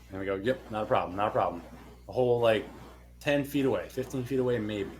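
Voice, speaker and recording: A young man co-hosting a podcast, telling a long story in casual chat, animated and swearing freely. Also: fairly low pitch, fast talker, a little hiss or hum. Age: young adult. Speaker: podcast co-host.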